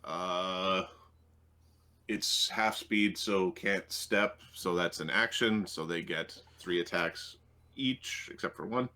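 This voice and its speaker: A man's voice: sits low, slow, pushed and bright, slight background noise. A man running a tabletop game as game master, talking through rules and rolls with frequent ums. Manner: hesitant, full of ums, working through rules aloud.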